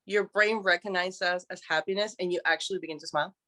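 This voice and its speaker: A woman's voice: fairly low pitch, fairly even intonation, quick pace, a bit bright. A woman talking as a guest coach on a live stream, direct and emphatic, swearing freely. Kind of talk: motivational live-stream talk.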